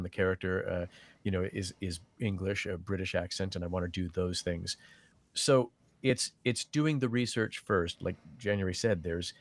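A man with a fairly low voice talks through his craft in a relaxed, conversational way. He restarts his sentences often and slips into quick quoted asides. The sound is dry and close. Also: dry recording. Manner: thoughtful, many restarts, quotes others in lively voices. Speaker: audiobook narrator. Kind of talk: conversational panel talk.

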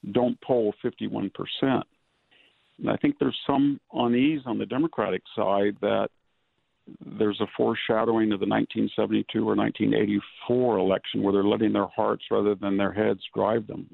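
A male guest, speaking by phone, in a measured manner, laying out long lists of examples. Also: lowish voice, creaky, no echo. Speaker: guest commentator. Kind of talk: political interview over the phone. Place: home in rural California. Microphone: telephone. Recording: tinny phone line.

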